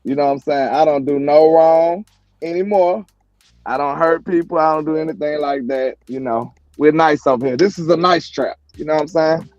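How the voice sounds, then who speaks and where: High-voiced Southern man joking around. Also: moderate pace, darkish tone, dry recording, muffled recording. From Alabama. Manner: playful, laughs often, mock-innocent. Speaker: show host. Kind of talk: casual chat.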